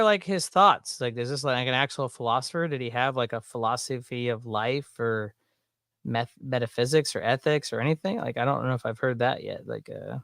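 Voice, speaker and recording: A man with a Southern US accent, rambling through casual watch-along commentary, full of fillers and quick laughs. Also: mid-range voice, gravelly, a bit bright, no room sound, clean studio sound. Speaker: streamer reacting to videos.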